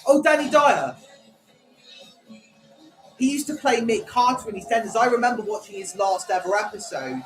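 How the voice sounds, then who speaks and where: Lively jokey teenage boy streaming. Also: sits high, moderate pace, pauses often. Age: teens. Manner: jokey, rambling, talks to live chat. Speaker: livestream host. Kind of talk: casual livestream chat. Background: music and TV audio.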